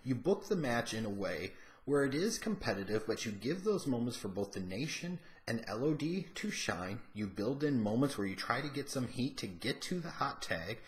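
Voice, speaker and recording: A man's voice: medium pitch, very animated, moderate pace. Opinionated man reviewing wrestling. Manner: frank and opinionated, swears casually. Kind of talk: casual opinionated commentary.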